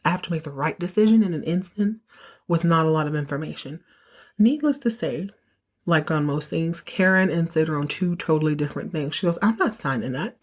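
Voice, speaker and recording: A low-pitched woman hosts a podcast where she casually recaps a soap opera episode. She acts out the characters' lines with animated, emotional storytelling.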